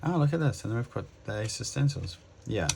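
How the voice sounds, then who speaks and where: A man giving a casual tarot reading to his viewers, musing aloud with many pauses and restarts. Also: medium pitch, expressive, vocal fry, a little mellow, slight background noise. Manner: addresses viewers directly. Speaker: tarot reader.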